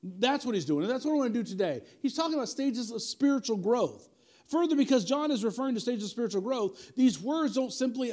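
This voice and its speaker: A man in his forties preaching a sermon, talking casually, repeating himself for emphasis, and leading the prayer in a quieter voice. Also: high voice. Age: 40s. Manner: conversational preaching with repetition and asides. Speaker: pastor.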